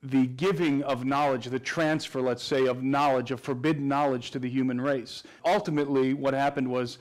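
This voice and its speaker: Male interview guest, mid-pitch, flat and earnest, talks in long explanations with restarts. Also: normal speed. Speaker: guest researcher. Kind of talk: interview answers.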